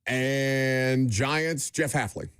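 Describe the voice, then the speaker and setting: A man's voice: medium pitch, very slow, fairly bright tone, clean tone, no room sound. A man cohosting a sports radio show, reading out the call-in number and bantering wryly.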